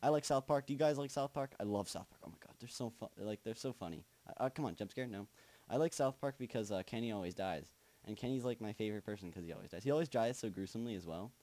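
A man's voice: lowish voice, animated, quick pace, few pauses, dark tone, dry recording. A young man commentating a horror game he is playing, muttering nervously, chanting to himself and swearing, with sudden screams. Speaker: gaming channel host.

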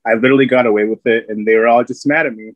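A man's voice: medium pitch, steady tone, very fast, dry recording, narrow, tinny audio. A man, a Marine veteran, casually telling stories from his service, rambling with many fillers and frequent laughs. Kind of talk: casual storytelling.

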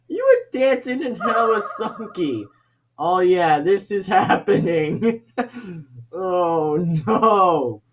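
High, lively young gamer guy. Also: very slow. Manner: excitable, laughing, shouting reactions. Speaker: let's play gamer. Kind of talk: gameplay commentary. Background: game music.

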